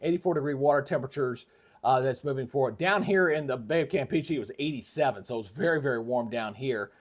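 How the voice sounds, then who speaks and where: A fast-talking man with a mid-range voice hosts a weather stream live from home. His delivery is rambling and folksy, riddled with fillers and restarts, and he shifts between microphones and pulls away from them.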